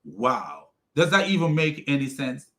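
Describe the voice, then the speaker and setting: A man's voice: medium pitch, very animated, measured pace, a bit bright. A man giving critical commentary on a played clip, argumentative, with many fillers and restarts. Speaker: religious commentator.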